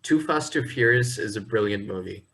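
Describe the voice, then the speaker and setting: Man, slightly low voice, casual podcast co-host, animated rambling chat. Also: normal speed, low-quality recording.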